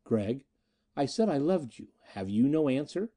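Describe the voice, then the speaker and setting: A man's voice: mid-range voice, big pitch swings, measured pace, dark tone. A man reading as a fierce scornful Martian woman. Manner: stern, scornful, intense. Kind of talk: audiobook reading.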